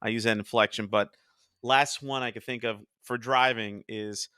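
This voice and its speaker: Bright-voiced young podcast host. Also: male voice, medium pitch, moderate pace, clear, resonant tone, dry recording, studio quality. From New Jersey. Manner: chatty, quotes cartoon lines in animated voices. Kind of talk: casual podcast chat.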